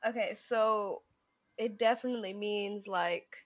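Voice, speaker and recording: A woman's voice: fairly high pitch, expressive, measured pace, a bit bright, no echo. A young woman co-hosting a podcast, joking and teasing with a cheeky, laughing manner. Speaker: podcast co-host. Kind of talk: casual podcast chat.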